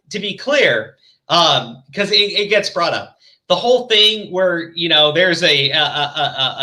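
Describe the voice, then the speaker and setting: Man, high voice, lively swings, bright tone, profane commentary chat. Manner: animated, swears constantly, mocking quotes. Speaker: commentary podcast host.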